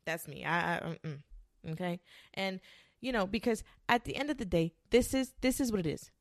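A woman's voice: mid-range voice, lively intonation, moderate pace, no echo, studio quality. Blunt, foul-mouthed woman ranting. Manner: blunt, profane, emphatic. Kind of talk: casual rant to camera.

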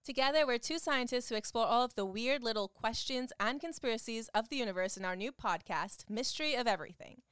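Smooth-voiced woman reading a podcast promo. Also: fairly high pitch, animated, brisk, few pauses, a bit bright, no echo. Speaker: podcast host in an ad. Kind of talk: scripted promo.

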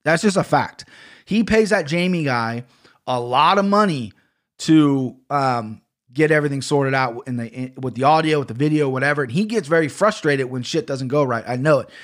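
A man's voice: medium pitch, expressive, normal speed. A man hosting a casual podcast, talking bluntly and with plenty of swearing as he rambles through a fight recap from a home studio mic. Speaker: podcast host. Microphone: studio microphone.

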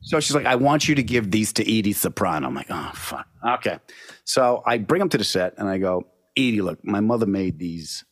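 A middle-aged man telling a funny story in a casual chat, punchy and animated. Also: fairly low pitch, brisk, no echo, clean studio sound. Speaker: comedian guest.

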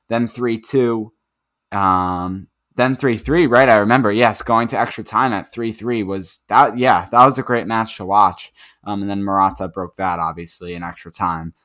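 Casting: male podcast co-host, lowish voice, loose rambling football chat. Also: fairly bright tone. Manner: rambling, filler-heavy recap. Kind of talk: casual sports chat.

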